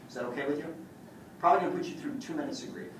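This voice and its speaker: A man's voice: on the high side, rapid-fire, fairly bright tone, a little hiss or hum. A man who is a chiropractor, giving a joking, boastful live demonstration talk to an audience as he works on a patient. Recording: echoey room, voice from far off.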